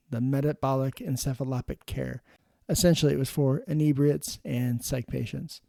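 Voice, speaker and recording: A man's voice: medium pitch, gravelly, warm tone, dry recording, studio quality. A middle-aged man, an emergency nurse hosting a show, giving frank, plain-spoken advice in a casual monologue. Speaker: emergency nurse and podcast host.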